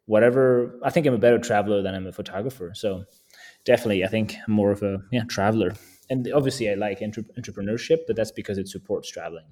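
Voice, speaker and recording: This is a man with a fairly low voice, chatting as a podcast guest. He talks in a casual, easygoing way and often chuckles between thoughts. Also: fast talker, dark tone. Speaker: guest landscape photographer.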